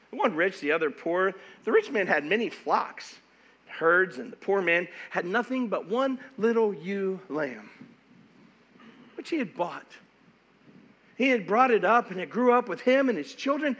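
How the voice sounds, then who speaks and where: A middle-aged pastor preaches a sermon in a high-pitched voice, animated and emphatic. He often stumbles and repeats words as he goes.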